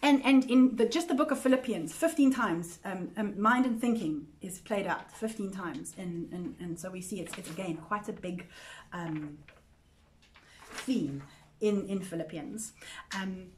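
At a church women's group meeting, a woman leads a Bible study in an earnest, conversational manner, frequently repeating words and checking in with her listeners. Her voice sits at medium pitch with a measured pace, and there's a slight hiss or hum in the recording.

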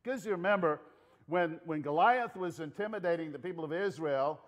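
Talking a little fast in a fairly high voice, a Southern US pastor animatedly tells the story in his sermon. He shouts some lines and drops others to a hush as asides.

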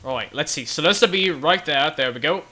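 A young man giving excited commentary on his own gameplay, often exclaiming and shouting as things happen. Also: fairly high pitch, brisk. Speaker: gaming video host.

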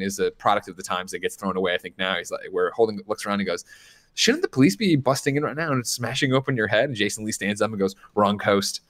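Animated man recapping a film. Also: fairly low pitch. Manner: animated retelling, jumps into loud impressions of film lines. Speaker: podcast co-host recapping a film. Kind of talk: casual chat.

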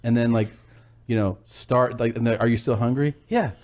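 A man telling a comedic story casually, animated and laughing often. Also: medium pitch, normal speed.

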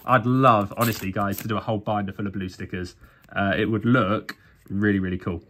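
Opening sticker packs on camera, this Englishman gives relaxed vlog commentary, sounding tired and mocking himself a bit. He speaks slightly fast in a lowish, fairly bright voice with a steady tone.

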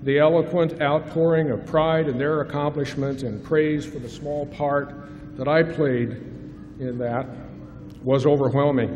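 A man's voice: a little high, steady tone, darkish tone, highs cut off. Reflective man giving a commencement speech. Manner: reflective, measured, rhetorical questions. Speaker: faculty commencement speaker. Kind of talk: formal commencement address. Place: large hall at a graduation ceremony. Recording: reverberant hall, faint hiss.

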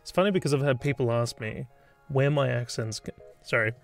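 Speaking a little fast in a creaky, mid-range voice, an Australian game developer streams himself coding with soft music in the background. His casual chat wanders, with lots of thinking aloud and restarts.

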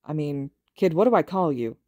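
Woman reading a gruff, burly male teacher, blunt and low. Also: expressive, normal speed, mellow, no echo, studio quality. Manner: blunt, matter-of-fact.

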